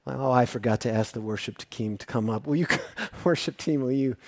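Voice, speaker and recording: A man preaching a sermon as pastor, earnest and emotional, swinging from hushed confession to excited exclaiming and repeating words when moved. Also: medium pitch, a little fast, no echo.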